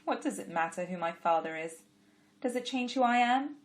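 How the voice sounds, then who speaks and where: A woman voicing a kind but sharp-tongued young woman who scolds fiercely and keeps herself guarded. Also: fairly high pitch, lively intonation, moderate pace, a little hiss or hum, pitched above the performer's own voice, natural voice.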